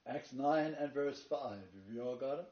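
A man's voice: medium pitch, moderate pace. A man giving a sermon-style Bible lecture to a live congregation, reading long quotations aloud and then preaching emphatically. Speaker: Bible teacher. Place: meeting room with a live congregation. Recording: dull, echoey, far-off room recording.

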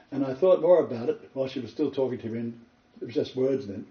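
A man giving an earnest, emphatic Bible teaching, telling a story and building to excited points. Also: mid-range voice, fast talker. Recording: roomy, far from the mic, dull lo-fi.

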